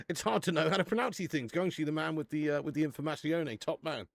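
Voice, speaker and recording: A man's voice: a little high, fairly quick, gravelly, dry recording, studio quality. A man hosting a casual football watch-along stream, chatting with the live chat and swearing casually.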